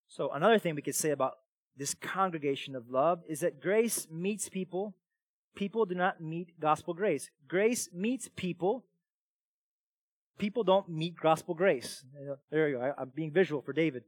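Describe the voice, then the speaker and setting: A man preaching a sermon as pastor, animated and emphatic, dropping into quiet asides between loud passages. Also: a little high, normal speed, no echo.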